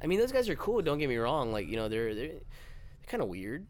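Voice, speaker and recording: A young man hosting a casual chat, telling a profane, animated story and acting out the quotes. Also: medium pitch, fast talker. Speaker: podcast host.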